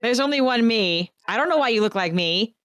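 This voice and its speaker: A woman's voice: fairly high pitch, lively intonation, a little fast, a bit bright, dry recording, studio quality. Wry woman playing a tabletop game. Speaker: player.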